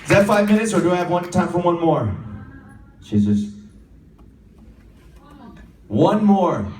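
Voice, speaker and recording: A man's voice: high-pitched, sing-song, unhurried, background noise. American guy joking around with a crowd at a con panel, sounds far off in a big echoey hall. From United States. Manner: chatty, jokey, laughs often. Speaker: convention panel guest. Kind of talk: live convention Q&A. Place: convention hall with audience.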